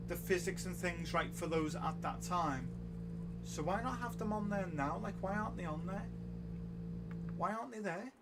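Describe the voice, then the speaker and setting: A man's voice: sits high, background noise. A man streaming a racing game, ranting in an exasperated, sarcastic way. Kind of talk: live gameplay stream chat. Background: loud music and car engine sounds.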